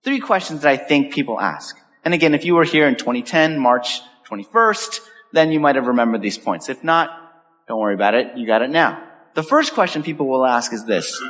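Animated male pastor in echoey hall. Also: mid-range voice, a little fast. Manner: animated, acts out quoted voices. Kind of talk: sermon. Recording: echoey hall with long reverb.

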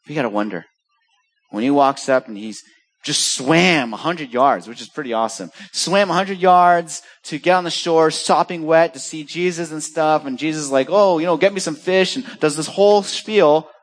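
A man preaching a sermon, telling a story with lively acted-out quotes. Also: a little high, normal speed. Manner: animated storytelling, acts out quoted voices. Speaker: pastor.

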